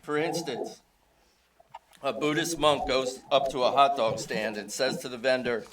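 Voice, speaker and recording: Brief: middle-aged dad, mid-range voice, relaxed anecdotal eulogy, light chuckles. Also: male voice, medium pitch, measured pace, a crowd in the background. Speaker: father giving a eulogy. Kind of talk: informal memorial eulogy. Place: funeral home service.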